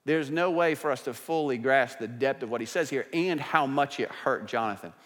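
Pastor preaching in a reverberant hall. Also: male voice, medium pitch. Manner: conversational preaching, swings from hushed to emphatic. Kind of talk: sermon. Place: church sanctuary.

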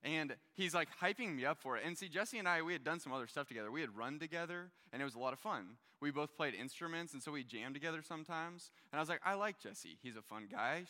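Young male preacher, casual and animated, bright tone, long hall reverb. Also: mid-range voice. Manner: casual, animated storytelling with many fillers. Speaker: young adult pastor. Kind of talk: sermon storytelling. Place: large hall with a stage.

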